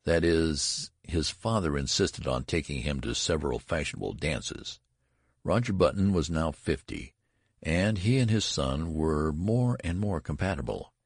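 A man reading a story aloud as a narrator, in a measured and even manner. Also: extremely low pitch, creaky, breathy edge, no room sound, studio quality. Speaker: audiobook narrator. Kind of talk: scripted narration.

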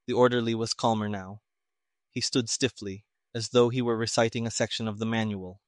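A man's voice: lowish voice, fairly even intonation, brisk, dry recording. Man narrating an audiobook, dry.

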